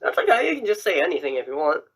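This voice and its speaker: A man hosting a casual chat on a call, playful and stumbling over his words with quick restarts. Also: on the high side, wildly swooping pitch, fairly bright tone, slightly rough, rough recording. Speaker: host.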